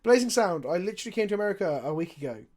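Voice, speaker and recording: A man's voice: high-pitched, very animated, racing, a little mellow. A young man chatting casually on a live stream, talking through his card game plays and answering viewer questions.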